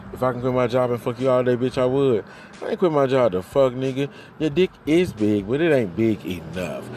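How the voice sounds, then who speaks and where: A man venting in a heated, profane monologue, jumping loud and high then sinking low, recorded on a phone. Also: a little hiss or hum. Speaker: vlogger ranting to camera.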